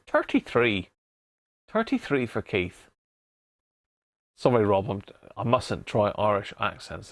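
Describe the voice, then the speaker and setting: A man's voice: on the low side, creaky. A jovial man hosting a casual live stream, chatting and laughing with his viewers. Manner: jovial, laughing banter with chat. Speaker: live-stream host restoring a vintage radio.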